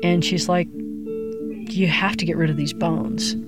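A middle-aged woman from Colorado recounting her past as an interviewee, a lively storyteller who acts out the voices she quotes. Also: on the low side, unhurried, loud music behind the voice.

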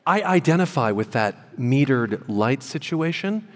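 A man's voice: mid-range voice, very animated, a little slow, long reverb tail. A man hosting a talk show, playful as he interviews a comedian guest. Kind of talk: casual interview.

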